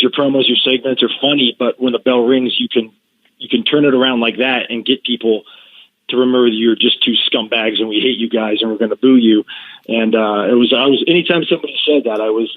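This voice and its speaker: A middle-aged man as a podcast guest, telling stories in an animated way with hesitant restarts. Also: medium pitch, fast, no room sound. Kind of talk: casual storytelling in an interview. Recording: thin phone-like call line.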